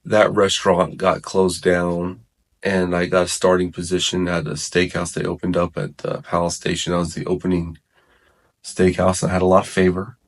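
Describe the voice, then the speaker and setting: Here a man with a very deep voice talks at normal speed about finding faith, in what sounds like an off-the-cuff testimony chat with a listener. He's laid-back and rambling, often restarting sentences and filling gaps with "like" and "man."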